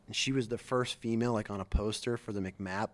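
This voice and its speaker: A middle-aged man, a former Marine, telling stories on a podcast in a casual, slangy and animated way, acting out quotes. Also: fairly low pitch, brisk. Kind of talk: casual storytelling.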